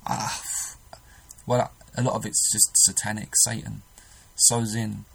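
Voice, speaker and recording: A man's voice: on the low side, flat delivery, a little slow, creaky, fairly bright tone, breathy edge, poor audio. A man preaching a sermon, earnest and emphatic, often restarting his sentences.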